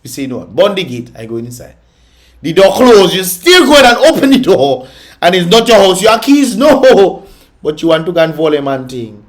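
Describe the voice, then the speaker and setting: A man hosting a reaction vlog scolds and mocks the videos he's watching, laughing often as he comments. His voice sits high with big swings in pitch, and he talks at a moderate pace.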